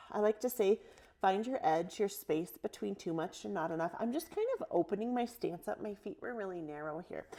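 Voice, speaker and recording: A woman's voice: mid-range voice, a little mellow. Encouraging woman guiding a yoga class. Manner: soothing, encouraging, calls out breath cues. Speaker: yoga instructor. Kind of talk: guided yoga class cues.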